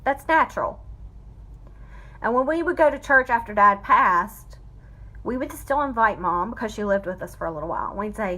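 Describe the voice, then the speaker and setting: A woman's voice: medium pitch, lively intonation, moderate pace, sharp tone. A woman giving an emotional personal testimony, fighting back tears as she speaks. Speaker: vlogger telling a family story.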